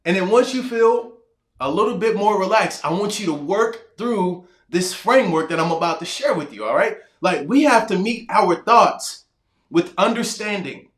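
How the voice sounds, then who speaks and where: A man's voice: high voice, expressive, normal speed. A man in his thirties giving a casual, conversational self-help talk straight to the viewer, acting out bits of his own past dialogue. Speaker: motivational speaker. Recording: echoey room.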